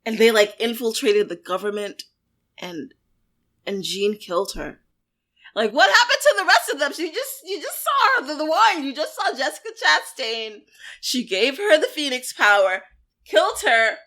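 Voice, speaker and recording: A high-voiced woman co-hosting a podcast, bright and excitable. She chats quickly and swears casually. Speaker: podcast co-host. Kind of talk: casual chat.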